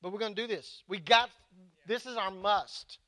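A man's voice: sits high, normal speed, no echo. A man preaching a sermon as pastor, emphatic and building in intensity. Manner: prays softly. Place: church sanctuary.

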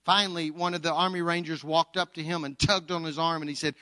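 A man preaching an Easter sermon, telling a story and swinging from loud to hushed. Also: fairly high pitch, steady tone, fast talker, hardly any pauses, no echo. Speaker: pastor.

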